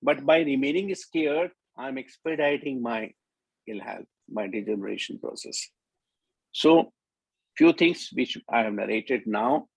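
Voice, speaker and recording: A man's voice: fairly low pitch, creaky, breathy edge, no room sound, low-quality recording. An older man with an Indian English accent, giving an emphatic, explanatory talk as a doctor on a conference panel.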